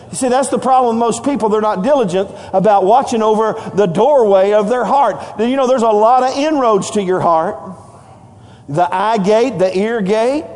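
An older man preaching a sermon to his congregation, passionate, climbing into shouted lines. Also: sits high. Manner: impassioned, rising to shouts. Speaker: pastor. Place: church sanctuary. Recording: long hall reverb.

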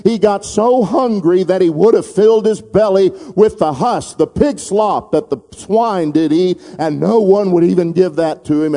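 A male preacher with a high, mellow voice tells a parable in dramatic style. He calls out to the congregation to repeat lines after him. His voice rings with the long reverb of a church hall. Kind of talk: sermon.

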